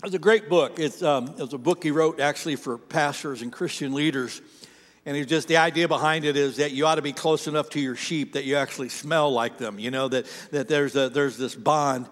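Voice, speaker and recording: A man with a noticeably high voice delivers a sermon in an easy, conversational, storytelling manner. He circles back and restarts his phrases often, and the long reverb of a large hall trails after every line. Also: fairly even intonation, brisk. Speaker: pastor.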